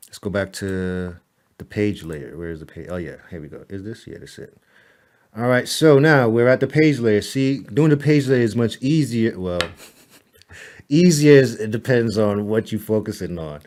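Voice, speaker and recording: A web designer with a slightly low voice walks a client through editing their site in a casual screen-recorded tutorial. He's relaxed, chatty, and good-humored, repeating "all right" and "boom," laughing at himself, and muttering at the slow computer.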